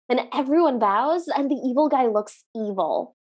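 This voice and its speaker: A woman co-hosting a podcast, retelling a movie's plot in lively casual chat and acting out the lines. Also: high voice, moderate pace, few pauses. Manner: animated, laughing, recaps scenes and acts out the lines. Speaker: podcast co-host.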